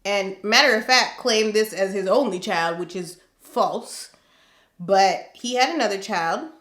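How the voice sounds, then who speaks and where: A woman's voice: mid-range voice, sharp tone, echoey room. A woman hosting a casual gossip commentary, sassy and emphatic, driving her points home with a pointed "okay?". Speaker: commentary channel host.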